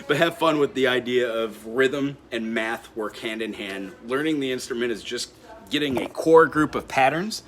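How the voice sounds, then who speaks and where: A man's voice: medium pitch, measured pace, very noisy. A man teaching a ukulele lesson in a friendly way, counting beats aloud and explaining scales and chords. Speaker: music teacher. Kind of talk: instrument lesson. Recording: ukulele playing behind the voice.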